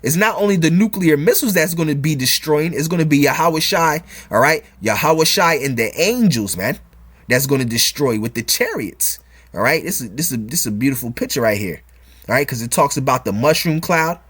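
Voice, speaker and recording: A man's voice: on the high side, lively intonation, brisk, fairly bright tone, breathy edge. A man giving preachy religious commentary, reading news and scripture aloud, emphatic and repetitive, tagging lines with "all right?" and "man" and chuckling often. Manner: emphatic, repeats key phrases.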